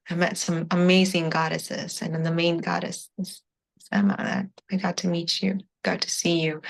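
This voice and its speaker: A woman giving an earnest, spiritual testimonial in an interview, close to tears and often repeating "I was like.". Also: lowish voice. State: emotional, near tears. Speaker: coaching client giving a testimonial.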